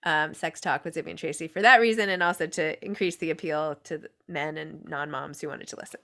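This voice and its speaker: A woman's voice: deep voice, a little fast, pushed and bright. A middle-aged woman guest on a podcast, telling a story in a chatty, self-deprecating way and giggling often. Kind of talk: casual interview chat.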